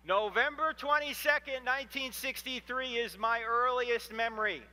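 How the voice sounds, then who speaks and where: Fifties male speaker, high, very bright and lively voice, joking storyteller addressing a crowd, reverberant hall sound. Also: normal speed. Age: 50s. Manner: animated storytelling with humorous asides. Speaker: Christian apologetics speaker. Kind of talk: lecture to a live audience.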